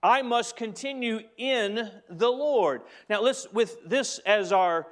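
High-voiced pastor preaching emphatically. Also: male voice, takes it slowly. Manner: emphatic, repeats key phrases; addresses the congregation directly. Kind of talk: sermon.

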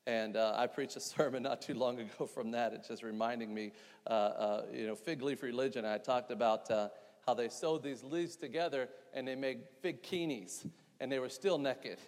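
A middle-aged man preaching a sermon in a church, reading scripture, praying, then building to loud, slow, emphatic preaching. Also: medium pitch. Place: church sanctuary. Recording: long church reverb.

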